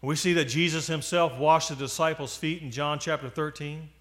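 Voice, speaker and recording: A man in his forties preaching a sermon, moving from loud appeals to quiet asides. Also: on the high side, fairly even intonation, a little fast. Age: 40s.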